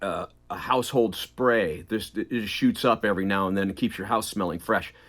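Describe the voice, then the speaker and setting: A middle-aged man, a voice actor, chatting as an interview guest, animated and quick to laugh, drifting in and out of accents. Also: on the low side. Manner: animated, laughs often, slips into accents mid-sentence. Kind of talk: casual interview chat.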